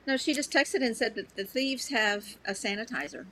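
A woman's voice: a little high, normal speed, bright, forceful tone, slight background noise, rough recording. A woman co-hosting a radio show in casual chat, earnest and hesitant, often repeating her words. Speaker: radio co-host.

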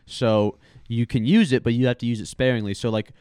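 A man's voice: medium pitch, fairly even intonation, a little fast, a little mellow, clean tone, no echo, studio quality. A young man co-hosting a podcast, chatting casually and loosely about sports with plenty of fillers. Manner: loose, rambling, lots of fillers. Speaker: podcast co-host.

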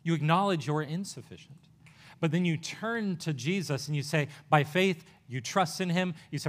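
Male pastor, slightly high voice, conversational sermon delivery, earnest, with quick bursts and pauses.

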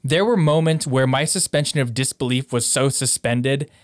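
A man's voice: mid-range voice, moderate pace, dry recording, studio quality. A young man in casual chat, easygoing and teasing, often laughing.

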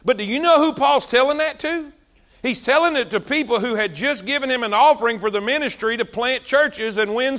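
Male preacher, very high bright voice, animated sermon delivery. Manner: animated, drawls and stretches words for emphasis.

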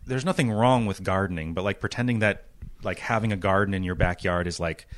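A man co-hosting a podcast in casual chat, halting with many restarts and joking around. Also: low-pitched, slight background noise. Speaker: podcast co-host.

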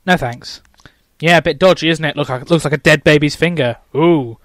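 A young man reading as a loud, clueless British lad. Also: fairly high pitch, moderate pace, no echo, natural voice. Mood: chirpy.

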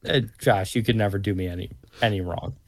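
A man's voice: on the low side, fast, no room sound. A man guest co-hosting a podcast, rambling in wry, profane banter. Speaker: guest co-host.

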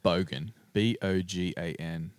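Low-voiced Australian man chatting. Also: moderate pace, no room sound, clean studio sound. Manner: relaxed, chatty, with frequent fillers and restarts. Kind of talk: casual chat.

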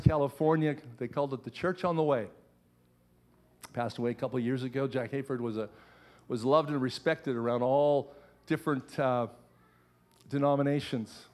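A man's voice: mid-range voice, darkish tone. A middle-aged man, a pastor, preaching a sermon in church with earnest, repeated phrases.

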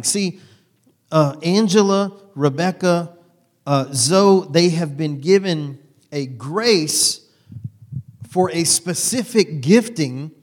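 A man's voice: fairly high pitch, slow pace. A male pastor giving a sermon in a conversational, rambling way, with restarts and asides.

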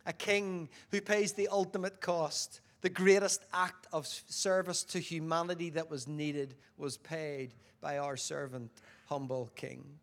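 Brief: a man delivering a sermon, fairly high voice, engages listeners with questions, shifts from forceful to hushed. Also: flat delivery, measured pace. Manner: questions the audience, swings between loud emphasis and quiet. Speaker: preacher.

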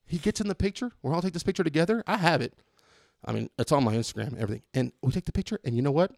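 A man tells a story in a casual studio chat, his voice a touch high and swinging widely as he acts out every exchange. He swears freely and keeps the energy up. The sound is close and dry. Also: animated, racing, vocal fry, darkish tone, no echo. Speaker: podcast host telling a story.

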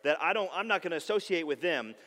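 A man's voice: a little high, lively intonation, quick pace, sharp tone. A man in his thirties, a pastor, giving a conversational sermon with frequent rhetorical questions to the congregation. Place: church sanctuary. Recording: long hall reverb.

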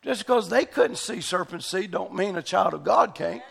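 A man preaching in a church with a very high, bright, gravelly voice. He shouts fervently, then drops low and quiet, while a congregation is faintly heard. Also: expressive, normal speed. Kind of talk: sermon.

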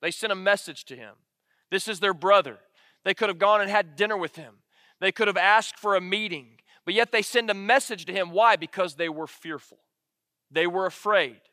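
A man's voice: high-pitched, normal speed, sharp tone, no room sound, studio quality, big-room sound. A man from Alabama, preaching a sermon as pastor, earnest and repeating key lines for emphasis. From Alabama, United States.

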